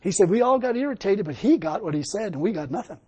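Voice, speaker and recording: A man's voice: high voice, animated, fast talker, lo-fi sound, noisy background. A male preacher giving a sermon, telling stories emphatically and laughing often.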